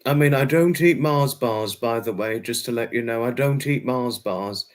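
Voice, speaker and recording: Reading chat on a casual livestream, a mid-range male host talks at normal speed with few pauses, replying to viewers individually. He's highly repetitive and uses many fillers and restarts.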